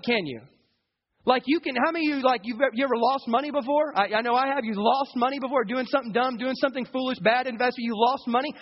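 A man's voice: extremely high pitch, muffled recording. A man preaching a sermon as pastor, full of energy and asking the congregation questions.

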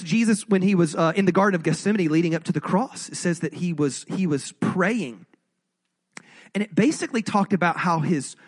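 A man's voice: high-pitched, husky. A male pastor giving a sermon in a conversational, jokey way, often asking the audience questions.

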